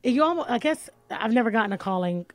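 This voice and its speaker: A woman hosting a radio talk show, chatting with a guest and setting up the break in a lively, interjecting way. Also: a little high, fast, soft background music.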